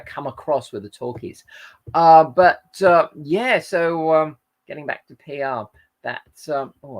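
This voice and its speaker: Rambling man chatting on a live stream. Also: mid-range voice. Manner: rambling, frequent self-corrections and fillers. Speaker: host. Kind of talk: casual live-stream chat reading viewer comments.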